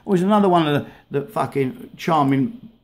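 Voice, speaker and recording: Man, angry vlog rant, heavy swearing, halting restarts, slightly high voice. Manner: swears heavily, halting and repetitive. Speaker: vlogger. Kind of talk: angry rant over played videos.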